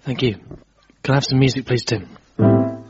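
A man appearing as a poet guest on a radio comedy show, speaking in a slow, deadpan way. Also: mid-range voice. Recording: lo-fi radio recording with music and audience.

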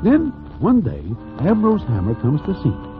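A droll broadway storyteller, high-ish voice that swoops all over, old tinny radio sound. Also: male voice, wildly swooping pitch, moderate pace, music in the background. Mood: wry. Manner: formal present-tense gangster narration. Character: wry Broadway storyteller man, plain-spoken. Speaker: narrator and lead character. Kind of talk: 1940s radio acting.

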